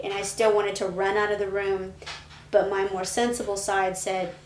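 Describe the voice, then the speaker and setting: Earnest woman interviewee, even-toned, recorded in a roomy space. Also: mid-range voice, normal speed. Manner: earnest, gently reliving a hard memory. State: pregnant. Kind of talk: emotional personal account. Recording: echoey room with faint noise.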